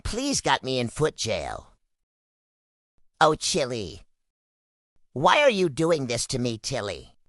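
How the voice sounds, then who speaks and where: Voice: mid-range voice, dry recording, studio quality, heavily acted. A person voicing a hungry, dramatic pet dog who begs over and over in a home video. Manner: begging, repetitive pleading.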